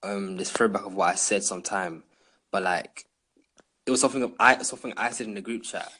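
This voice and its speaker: A young man chats loosely on a podcast. His low voice has a husky edge. He tells rambling stories to friends in a relaxed way. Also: a little fast. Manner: laid-back, rambling storyteller. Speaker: podcast host. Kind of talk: casual chat.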